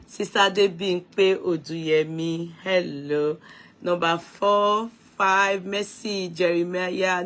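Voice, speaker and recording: A woman hosting a casual live stream, chatting warmly with viewers and laughing as she stumbles over their names. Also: fairly low pitch. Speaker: livestream host greeting viewers.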